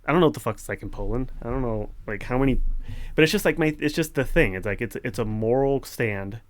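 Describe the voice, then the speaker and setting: A man who develops open-source software, swearing and ranting in indignant, sarcastic outbursts while he codes, then laughing at himself. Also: medium pitch, a little fast. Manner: laughs at himself between rants. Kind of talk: ranting while coding on screen.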